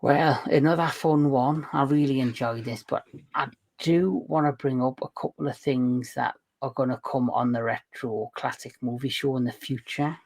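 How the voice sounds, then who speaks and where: A man's voice: mid-range voice, steady tone, normal speed, few pauses. A man hosting a casual movie review chat, jokey and talking with many restarts and self-corrections. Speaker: show host.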